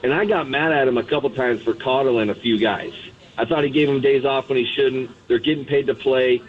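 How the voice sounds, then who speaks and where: A man who played pro baseball, a guest on a sports radio show, telling candid stories from the clubhouse in a blunt, lively way. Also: medium pitch, fairly quick, slightly rough. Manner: blunt, candid, animated retelling. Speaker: guest, former pitcher. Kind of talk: casual sports radio storytelling. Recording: tinny phone line.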